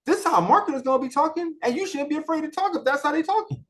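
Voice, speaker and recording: A man presenting a marketing software walkthrough in a casual training talk, colloquial and repetitive, full of rhetorical questions. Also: extremely high pitch, lively intonation, racing, few pauses.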